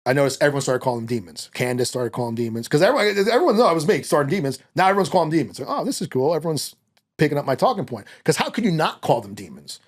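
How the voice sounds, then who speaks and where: A man talking as a podcast guest in a fast, heated, profane rant. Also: fairly high pitch. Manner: fast, animated, profane ranting.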